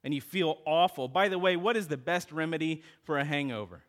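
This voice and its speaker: Briskly and in a fairly high pitch, a middle-aged pastor delivers an animated sermon. He calls out to his congregation, asks them questions and tells stories along the way.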